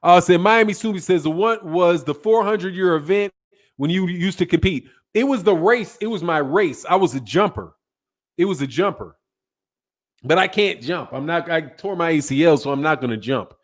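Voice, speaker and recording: A man's voice: on the high side, normal speed. Tired casual man, rambling boxing talk. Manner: rambling, casual, with slang and self-corrections. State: tired, yawning. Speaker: boxing channel host. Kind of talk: casual livestream chat reading viewer comments.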